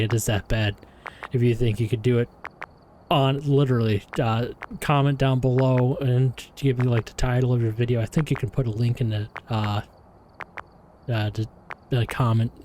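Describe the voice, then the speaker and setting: A slightly hoarse, out-of-breath man giving rambling, self-deprecating commentary while streaming a game. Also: mid-range voice, warm tone, slight background noise. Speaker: gaming streamer.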